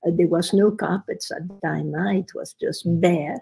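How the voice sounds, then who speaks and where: Older woman, dark mellow tone, gravelly, animated storytelling. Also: on the low side, normal speed, rough recording. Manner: animated storyteller, quotes others with rising emphasis. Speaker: podcast guest. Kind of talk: storytelling in conversation.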